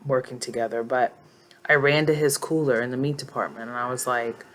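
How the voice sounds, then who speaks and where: A vlogger speaks in a middle-pitched voice, telling a personal story with lively emphasis. Words repeat when a point needs stress. The sound comes from a phone held in the hand. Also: brisk, a little hiss or hum. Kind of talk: casual storytelling vlog. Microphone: handheld phone.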